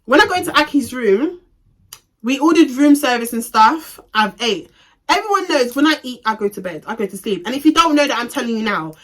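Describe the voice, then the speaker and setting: A young woman telling a storytime on her vlog in a casual, animated, slangy way with plenty of swearing. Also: a little high, fairly quick. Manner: animated, profane, slangy retelling. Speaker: vlogger.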